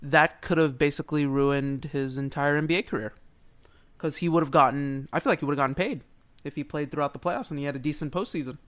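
A man co-hosting a casual sports podcast, excitable and rambling, laughing often. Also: fairly high pitch, quick pace. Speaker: podcast co-host.

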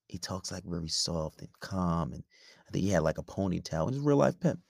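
A man's voice: low-pitched, expressive, brisk, creaky, darkish tone, dry recording, studio quality. A man hosting a podcast, giving relationship advice in a blunt, profane, rambling casual monologue.

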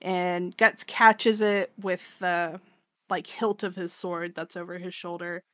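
A woman's voice: fairly low pitch, level tone, slow pace, pushed and bright, no room sound, clean studio sound. A woman co-hosting a podcast, recapping a manga in loose, profane casual chat and acting out the characters' lines. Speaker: podcast co-host.

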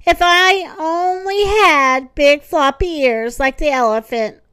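A woman's voice: sits high, slow pace, sharp tone, no room sound, pitched above the performer's own voice, full character voice. A woman reading aloud and voicing a sad, self-conscious female hippopotamus in a wistful, mournful tone. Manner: wistful, mournful sighing delivery. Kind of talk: storybook read-aloud.

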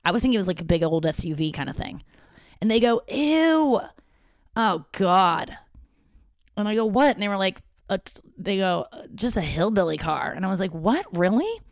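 In a mid-range voice that runs a little fast, a podcast host from the St. Louis area tells stories from her father's home office. She's chatty, profane, and self-mocking, often quoting others, and the sound is studio quality with no echo.

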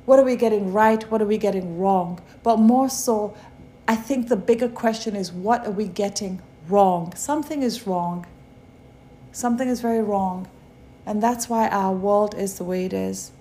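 A woman giving a devotional sermon, preaching slowly with many repeated rhetorical questions. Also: medium pitch, warm tone, slight background noise. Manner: slow, repetitive rhetorical preaching.

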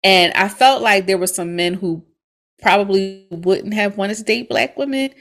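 A woman's voice: medium pitch, normal speed, a bit bright. A woman in her thirties, a podcast co-host, telling a story in casual chat and laughing often.

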